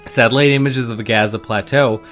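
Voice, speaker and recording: A man's voice: medium pitch, fairly even intonation, brisk, a bit bright. A man co-hosts a podcast, reading a news piece aloud in a mid-range voice. He breaks in with wry, dry jokes. Faint background music runs under his reading. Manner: wry, joking asides between read passages. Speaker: podcast co-host.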